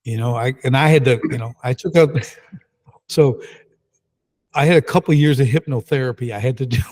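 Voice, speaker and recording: A middle-aged man, a podcast guest, telling his story in a casual, lively and emphatic way. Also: mid-range voice, normal speed, pauses often. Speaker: guest entrepreneur.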